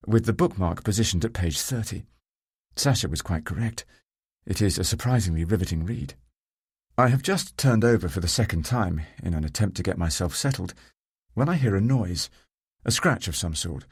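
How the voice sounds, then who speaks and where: A man reading a first-person novel as an audiobook narrator, measured and calm. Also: deep voice, breathy edge, no room sound, studio quality.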